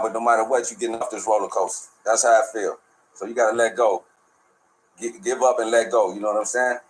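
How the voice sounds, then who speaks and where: Fast-talking, profane, preachy streetwise man. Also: fairly low pitch, level tone, poor audio. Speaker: show host. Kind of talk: casual spiritual monologue.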